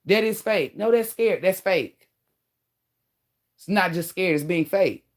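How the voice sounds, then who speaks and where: A woman in her thirties giving relationship advice straight to her viewers in a blunt, animated, slangy way, swearing freely. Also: on the low side, a little slow. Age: 30s. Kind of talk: casual advice monologue to viewers.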